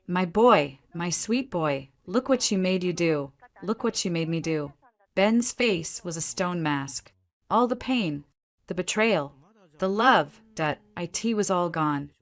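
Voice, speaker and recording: A woman giving a tense, vivid first-person narration of a scripted dramatic story. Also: on the low side.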